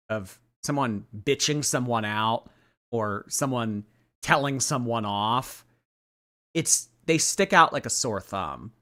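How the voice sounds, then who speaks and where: Bright-voiced slow-talking male streamer. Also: lowish voice. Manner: sarcastic, chatty, thanks viewers for gifts. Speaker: livestream host. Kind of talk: casual commentary stream.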